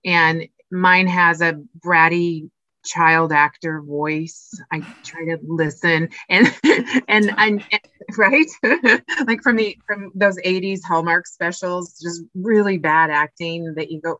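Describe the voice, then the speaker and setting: A woman co-hosting a podcast, chatting casually and acting out her inner voices in an animated way. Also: on the low side, takes it slowly, dry recording. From Oregon, US. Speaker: podcast co-host, nonprofit executive director. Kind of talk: casual conversation. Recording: dull, lo-fi sound.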